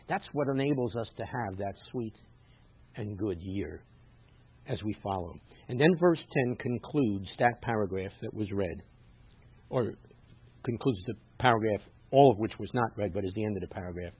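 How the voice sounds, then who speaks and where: A man preaches as a rabbi. He explains in a teacherly way, then pushes his voice up loud to stress a point. His voice is a bit husky, and the recording is narrow and muffled, like a phone line. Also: mid-range voice, animated, normal speed, dry recording. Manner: emphatic, rises loud on scripture quotes, teacherly asides. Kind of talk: sermon.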